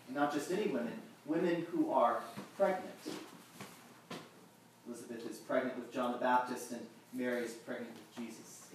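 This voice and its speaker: A man preaching a sermon in a conversational, self-deprecating way, pausing and restarting his sentences. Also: medium pitch, a little hiss or hum. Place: large echoing church. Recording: echoey church from a distance.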